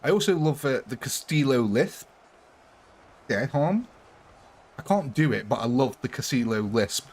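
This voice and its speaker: Chatty streamer, laughing between lines. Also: male voice, medium pitch, sing-song, measured pace, pauses often, darkish tone. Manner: chatty, laughs often, reads chat. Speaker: gaming streamer. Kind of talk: casual live-stream chat.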